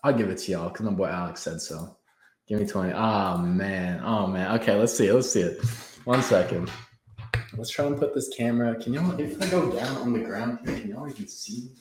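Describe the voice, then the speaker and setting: A young man in his twenties hosts a casual fan livestream from a room at home, chatting in a hyped, slangy way and laughing often. His voice is fairly low and his pace moderate. Picked up by a camera sitting on the floor, the audio has background noise and a roomy echo.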